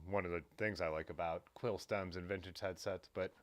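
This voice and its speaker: Low-voiced man hosting a casual live chat. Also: fairly even intonation, brisk. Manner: rambling, reads viewer comments aloud. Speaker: livestream host.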